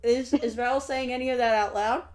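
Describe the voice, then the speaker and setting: Woman, game master, slightly high voice, relaxed chatty narration, frequent laughs. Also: normal speed.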